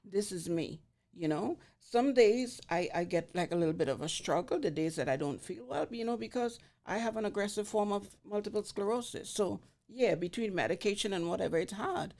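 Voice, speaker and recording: A woman in her sixties, a podcast guest, telling lively stories and acting out the voices in them. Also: medium pitch, brisk, hardly any pauses. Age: 60s. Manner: animated, acts out voices in her anecdotes. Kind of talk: storytelling in conversation. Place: studio beside a barbershop.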